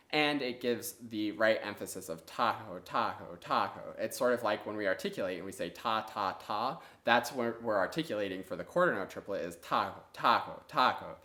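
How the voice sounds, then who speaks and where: A man teaching an online clarinet lesson, patiently explaining step by step and counting rhythms out loud. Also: lowish voice. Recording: echoey room.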